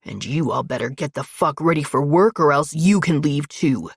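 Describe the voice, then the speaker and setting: A commanding crime boss, put on by a woman narrator, speaking in low, clipped orders. The voice is husky and close-miked in a dry space, with a storybook reading feel. He sounds like a man who expects to be obeyed. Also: animated, normal speed, no room sound, full character voice. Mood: harsh. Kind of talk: audiobook character voice.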